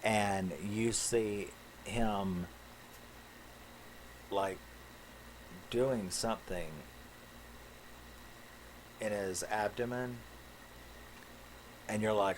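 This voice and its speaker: A man with a low voice recaps a horror film at an unhurried, drawn-out pace. He rambles and peppers his talk with fillers and curses. A faint noise hangs under the recording. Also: rough recording. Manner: rambling with many fillers, swears and laughs. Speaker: movie reviewer. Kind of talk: casual spoken film recap.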